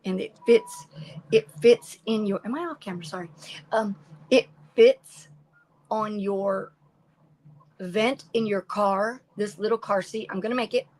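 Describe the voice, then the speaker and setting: A woman's voice: medium pitch, a little slow, a little mellow, slight background noise, low-quality recording. An older woman chatting casually while crafting on a livestream at home, rambling and greeting viewers by name.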